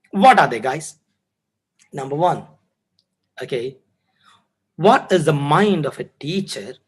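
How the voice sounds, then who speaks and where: A male teacher leads a live online lesson. His voice is high and bright. He tells his story with lively energy and greets viewers along the way. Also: husky, low-quality recording.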